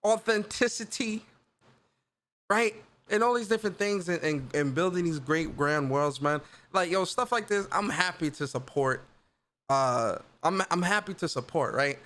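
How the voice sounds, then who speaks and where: A man with a notably high-pitched voice talks through a game reveal in loose, slangy commentary. He gets excited and circles back on his own phrases again and again, like a gaming channel host chatting with viewers. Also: moderate pace. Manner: slangy, excited, repeats himself. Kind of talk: casual reaction commentary.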